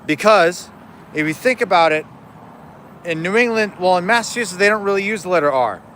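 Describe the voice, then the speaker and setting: A man's voice: high-pitched, lively intonation, fairly quick, a bit bright, a little hiss or hum. A man chatting casually on a live stream, rambling and joking and cutting himself off mid-sentence. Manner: rambling, joking, many self-interruptions. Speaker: livestreamer.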